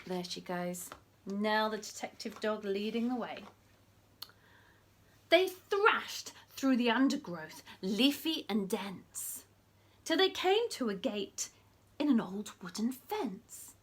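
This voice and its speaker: At library story time, a woman reads a picture book aloud to children with animated energy, often slipping into a whisper for asides. Her voice is fairly high and her pace slow.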